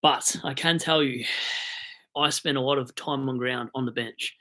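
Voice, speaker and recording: Young Australian male streamer, average pitch, bright edgy tone, wired and chatty, jokes as he goes. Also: fairly even intonation, a little slow. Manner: rambling, jokey, hyped on coffee. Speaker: fantasy football live streamer. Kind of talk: casual live stream chat.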